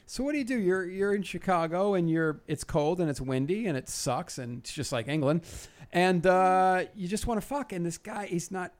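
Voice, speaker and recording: A man's voice: high-pitched, moderate pace. A man hosting a podcast, teasing his guests and swearing freely in casual chat. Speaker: podcast host.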